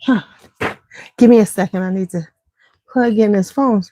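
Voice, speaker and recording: A woman's voice: medium pitch, moderate pace, dark tone, no room sound. A woman hosting a beauty channel, chatting casually and scattered with viewers and greeting them by name. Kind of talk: casual chat with live viewers.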